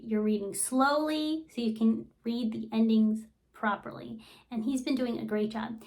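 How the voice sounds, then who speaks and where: Upbeat, slightly high-voiced woman vlogger. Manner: enthusiastic, fond storytelling with many fillers. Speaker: vlogger and homeschooling mother. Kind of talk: casual vlog talk.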